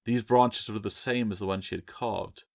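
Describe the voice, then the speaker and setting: Author-narrator: low, even male voice, dry close sound, steady dramatic storytelling. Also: normal speed, creaky, dry recording. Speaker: author reading own book. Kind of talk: audiobook narration.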